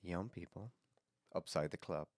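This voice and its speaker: A man's voice: low-pitched, measured pace, dry recording, studio quality. A man in his thirties hosting a podcast, chatting casually with a guest, joking, swearing and laughing often. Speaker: podcast host. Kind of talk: casual chat.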